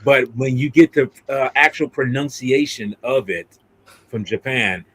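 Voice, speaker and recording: A man's voice: medium pitch, a little slow, a bit bright, slightly rough. A man hosting a casual livestream, talking in a rambling way with many restarts and fillers. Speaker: livestream host.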